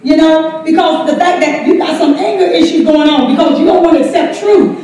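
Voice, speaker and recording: Southern US woman pastor, high bright voice, lively preaching, faint background hiss, heard from across an echoey hall. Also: fairly quick, distant mic. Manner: exclaims "come on" often, laughs while preaching. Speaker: pastor leading Bible study. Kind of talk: lively sermon-style teaching. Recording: echoey church hall mic from afar.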